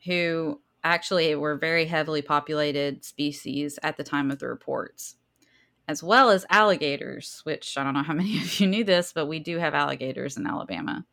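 A woman's voice: sits low, normal speed, vocal fry, fairly bright tone. A woman with a Southern accent, co-hosting a podcast and chatting casually while reading out research, laughing easily and stumbling over hard words. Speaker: podcast co-host.

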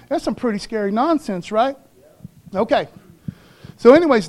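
A man's voice: very high-pitched, lively intonation, normal speed, pauses often. A man pastor preaching a conversational sermon in slangy everyday talk, calling for responses from the congregation.

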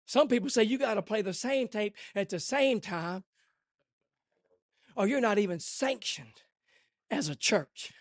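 A male preacher delivering a church sermon, swinging from hushed murmurs to shouted, rhythmic refrains. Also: high voice, lively intonation, unhurried, long pauses, no room sound, clean studio sound. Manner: repeats refrains in a call-and-response cadence. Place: church service.

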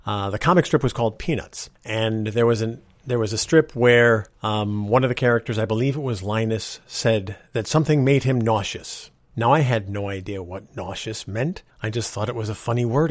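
A man's voice: mid-range voice, dry recording, studio quality. A man from New Jersey hosting a casual storytelling show, chatty and self-deprecating, pronouncing his words carefully and chuckling between lines. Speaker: host.

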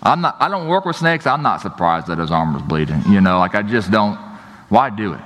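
Low-voiced pastor in a reverberant hall. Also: male voice, big pitch swings, fairly quick, fairly bright tone. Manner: casual joking storytelling, lots of "you know, like". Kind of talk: sermon.

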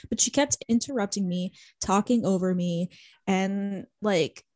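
Recorded dry, a young woman co-hosts a podcast at medium pitch and a measured pace. She tells stories in animated casual chat, swearing often and leaning heavily on "like".

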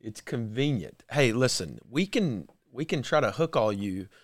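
A man's voice: mid-range voice, sing-song, unhurried, no echo. A male co-host making wry quips in a casual commentary chat, with hesitant restarts. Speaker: talk show co-host.

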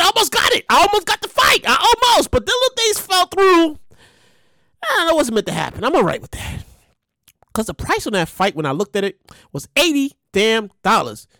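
A woman hosting a podcast in a casual monologue, with a loud voice and an animated, profane way of talking. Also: high voice, dry recording. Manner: animated, profane, acts out quotes in bursts. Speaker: podcast host.

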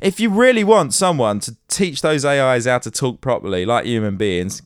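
A man's voice: medium pitch, lively intonation, moderate pace, clear, resonant tone, no echo. A man hosting a podcast, reading tech news aloud and breaking into playful, theatrical jokes. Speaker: podcast host. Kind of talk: news reading with comic asides.

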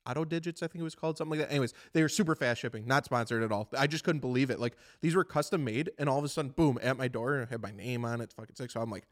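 Animated swearing man telling a story. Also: medium pitch, racing. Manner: animated, swearing, laughing through a funny story. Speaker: podcast co-host. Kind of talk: casual chat.

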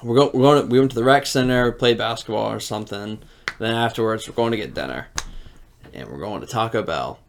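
A man's voice: fairly low pitch, brisk, vocal fry, slight background noise. A young man, a podcast co-host, telling a funny story in casual chat and laughing as he goes. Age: young adult. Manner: animated, laughs through his own story.

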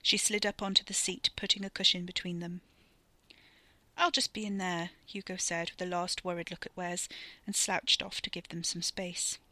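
A woman narrating a story podcast in a steady storytelling manner. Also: lowish voice, normal speed, dry recording.

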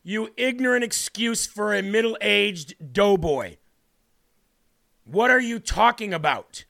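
A man's voice: high-pitched, lively intonation, slow pace, gravelly, pushed and bright. A man hosting political commentary, sarcastic and scornful, often laughing at the clips he plays. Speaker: host.

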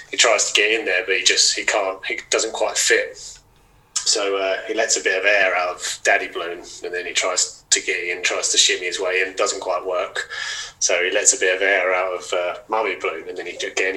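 A man's voice: low voice, poor audio. An English man hosting a podcast, chatting casually and telling long anecdotes and jokes at an easy pace. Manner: relaxed storyteller, retells jokes at length. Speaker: podcast host. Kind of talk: casual chat.

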